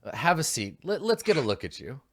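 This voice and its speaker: A man voicing an eerie, distracted male doctor who talks softly and fussily. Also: fairly high pitch, very animated, a little fast, voice pushed up, full character voice. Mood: solicitous.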